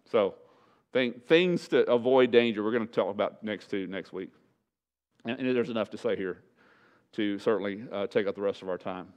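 A man preaching a sermon as pastor, his voice rising loud and slowing down to hammer points home. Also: lowish voice, clean tone, lo-fi sound. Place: church sanctuary.

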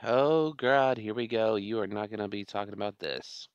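A man's voice: lowish voice, normal speed, clean tone, no room sound, muffled recording. A man hosting a reaction commentary, exasperated and sarcastic, swearing often at the clip he is watching. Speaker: commentary channel host.

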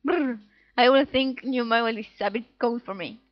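Woman let's-player, higher voice, playful reading of game text, dull dry home mic. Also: normal speed, no echo. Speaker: let's play gamer. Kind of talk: casual gameplay commentary reading dialogue aloud.

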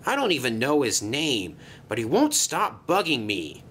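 A man's voice: medium pitch, huge pitch swings, measured pace, fairly bright tone, slight background noise, exaggerated voice. A man voicing a sheepish, secretive male bus in a storybook tale, talking hesitantly and apologetically.

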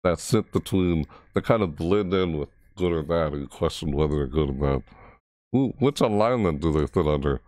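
A man hosting a reaction video, rambling casually with frequent restarts and excited asides, his voice cracking. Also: extremely low pitch, moderate pace, no echo, studio quality.

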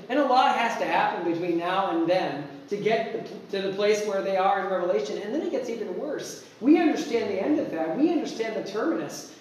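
A fairly high-voiced man preaching in a church sanctuary, recorded from a distance so the big room echoes heavily around him. He talks in an animated way, jumps into acted-out quotes and restarts his sentences often. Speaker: pastor. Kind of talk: sermon. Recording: echoey church hall, mic far off.

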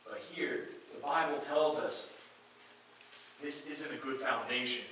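A man's voice: medium pitch, measured pace, pushed and bright, a little hiss or hum. Guy preaching a sermon in a church, reads verses out, lots of echo, mic kinda far away. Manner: earnest preaching, reads scripture aloud, restates phrases. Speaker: pastor. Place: church sanctuary.

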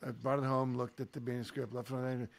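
A man's voice: medium pitch, flat delivery, very fast, gravelly. A man hosting a podcast interview, talking in a reflective, storytelling way with many "you know"s. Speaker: podcast host. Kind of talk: conversational interview.

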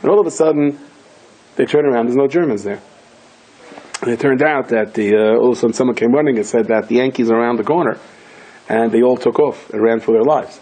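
Husky rabbi telling stories, peppered. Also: male voice, fast, low-quality recording. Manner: animated storyteller, acts out quoted voices with sudden high pitch jumps. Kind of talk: storytelling Torah lecture.

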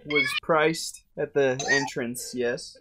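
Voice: medium pitch, steady tone, slow pace, background noise. A game master running a tabletop game, teasing the players with rules details and frequent laughter.

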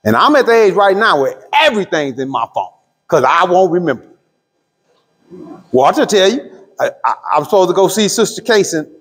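A middle-aged pastor teaching a Bible study, asking the room questions and drawing out key words. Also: male voice, fairly high pitch, breathy edge. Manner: call-and-response questions to the room; drawls key words slowly. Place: church hall. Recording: long hall reverb.

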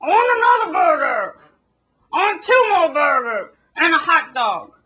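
A woman putting on a whiny, overeating American who shouts and whines for more food in a comedy sketch. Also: extremely high pitch, big pitch swings, unhurried, muffled recording, voice pushed up, full character voice. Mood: whining. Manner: whining, shouting.

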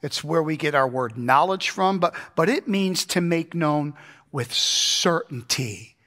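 A man's voice: a little high, expressive, a little slow, pushed and bright. A man preaching a verse-by-verse Bible teaching sermon in a church, emphatic and conversational, putting rhetorical questions to his congregation. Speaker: pastor.

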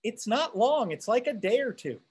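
A man's voice: very high-pitched, sing-song, moderate pace, darkish tone, breathy edge. A man teaching a class, reading a text aloud and commenting on it in a conversational way, asking rhetorical questions and checking in with his listeners.

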